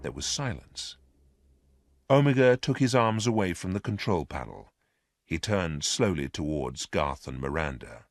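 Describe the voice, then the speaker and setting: A man narrating a storybook reading in a clear, deliberate manner. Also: deep voice, sing-song, no room sound, clean studio sound.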